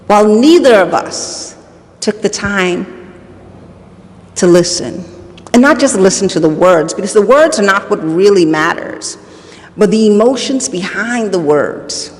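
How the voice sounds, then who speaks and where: A woman hosting a motivational talk, telling a personal story earnestly and repeating her phrases for emphasis. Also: medium pitch. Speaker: host. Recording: long reverb.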